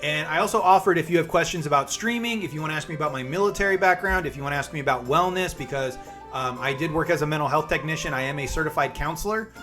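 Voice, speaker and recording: A man's voice: a little high, fast talker, pushed and bright, faint music behind. A man in his forties, streaming live and chatting casually, upbeat and calling viewers by name.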